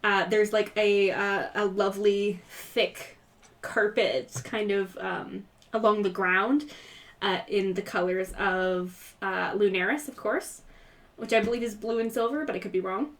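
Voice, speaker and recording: A woman's voice: mid-range voice, fairly even intonation, measured pace, a bit bright. A woman narrating a tabletop role-playing game as game master, chatty and full of fillers. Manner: chatty, giggly, many fillers.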